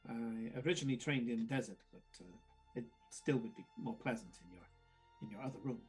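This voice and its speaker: A man voicing a huge, polite male cat-folk warrior who speaks in a measured way. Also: medium pitch, darkish tone, husky, faint music behind, voice pushed down.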